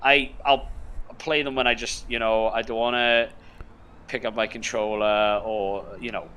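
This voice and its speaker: Bright-voiced young man rambling casually. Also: mid-range voice, flat delivery, measured pace, a little hiss or hum. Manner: rambling, filler-heavy, laid-back. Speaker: podcast co-host. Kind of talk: casual chat.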